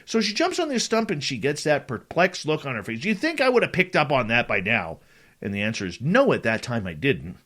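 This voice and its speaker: A middle-aged man hosting a talk radio show, spinning a story out loud. His pitch swings up and down as he acts out each line of dialogue. He keeps it casual and dramatic throughout. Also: a little fast. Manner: animated, dramatic retelling with quoted dialogue. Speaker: radio show host telling a personal story.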